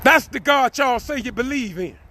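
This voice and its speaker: High-pitched preacher man. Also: normal speed, slight background noise. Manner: preachy, repetitive, swells into shouted cries. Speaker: street preacher. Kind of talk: impassioned preaching.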